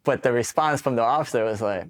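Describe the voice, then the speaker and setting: A man's voice: mid-range voice, fast. A man in his forties from Queens, New York, telling his own military stories in a candid, swearing, casual way. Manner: candid, profane, acts out quoted exchanges. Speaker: Marine veteran guest. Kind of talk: casual storytelling interview.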